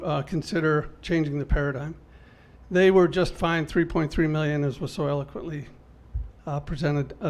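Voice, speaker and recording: A man from Michigan's Upper Peninsula speaking as a resident during public comment at a government meeting, earnest and pointed, with frequent ums and restarts. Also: on the high side.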